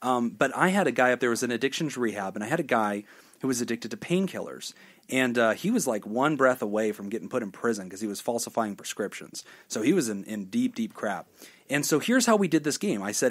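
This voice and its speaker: A male therapist hosting a podcast, telling a story in casual conversation at a rapid clip. His voice sits in a middle range. He is an animated storyteller who slips into the voices of the people he describes. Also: mid-range voice.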